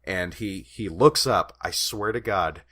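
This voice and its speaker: A man's voice: low-pitched, measured pace, pushed and bright. A man co-hosting a podcast in casual chat, a rambling storyteller who laughs often and swears casually. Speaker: podcast co-host.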